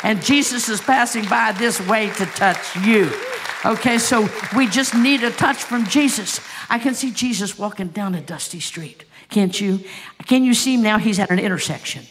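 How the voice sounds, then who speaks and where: A woman's voice: mid-range voice, normal speed, some chatter behind, slight background noise. A woman pastor preaching a sermon, telling stories with passion and asking the congregation rhetorical questions.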